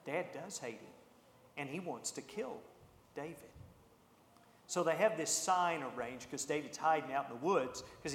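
Male preacher, a bit high-voiced, lively storyteller, big roomy hall sound. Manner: animated, acts out the characters' lines. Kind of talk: storytelling sermon. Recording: echoey hall with long reverb.

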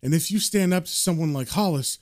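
A man voicing a gentle ghost of a dead husband who speaks softly and tenderly. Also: brisk, natural voice. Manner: soft, low and tender.

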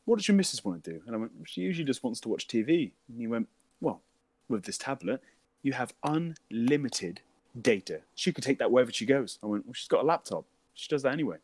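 A man's voice: medium pitch, big pitch swings, quick pace, darkish tone, breathy edge, no room sound. A young British man telling a funny story in casual chat, swearing, laughing and mimicking voices.

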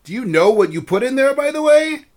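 A man's voice: very high-pitched, very animated, brisk, pitched above the performer's own voice. A man voicing an earnest, well-meaning young boy in a storybook tale, explaining eagerly.

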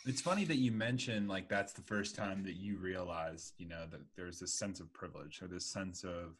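A man's voice: deep voice, normal speed. Rambling man in his twenties. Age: 20s. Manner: rambling, heavy use of "like" and "you know". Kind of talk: casual podcast conversation.

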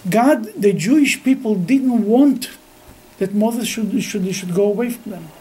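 A man leads a weekly scripture class in a mellow, dark voice. He talks haltingly and often restarts his sentences. He grows lively when he tells a story. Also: high-pitched, husky, rough recording. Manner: halting, with frequent restarts, grows lively while telling stories. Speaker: Torah teacher.

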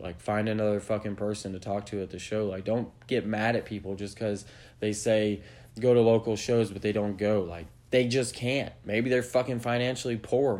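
A podcast host launches into an opinionated, profanity-heavy rant, bluntly lecturing his listeners. His voice sits on the low side and has a darkish tone.

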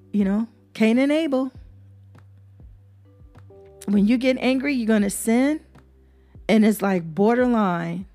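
A woman's voice: on the high side, darkish tone. A woman hosting a devotional podcast, reading Bible verses and preaching in an earnest, repetitive way. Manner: earnest, preacherly, repeats herself for emphasis. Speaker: podcast host.

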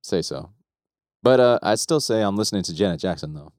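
A man's voice: fairly low pitch, lively intonation, brisk, darkish tone, no echo, studio quality. A man co-hosting a podcast in casual chat, laid-back and cursing freely. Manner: laid-back, swears freely, laughs often. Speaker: podcast co-host.

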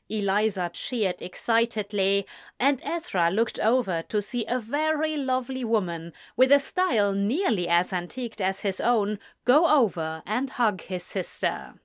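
A woman narrating an audiobook in a gentle, measured storytelling voice. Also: mid-range voice, expressive, no room sound, studio quality. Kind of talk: scripted narration.

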